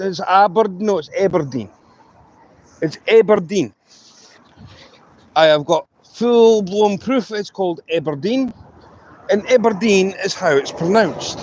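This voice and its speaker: High-voiced, slow-talking Scottish man. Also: poor audio. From Scotland. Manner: emphatic, opinionated ranting. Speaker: livestreamer greeting viewers. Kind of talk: casual livestream chat.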